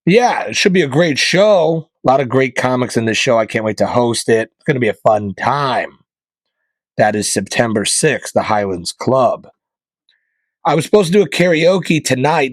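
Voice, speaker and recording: Male podcast host from northeastern Pennsylvania, mid-pitched, deadpan, rambling comic monologue on a dry mic. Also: normal speed, no room sound. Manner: deadpan joking, rambling asides. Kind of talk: casual comedic monologue.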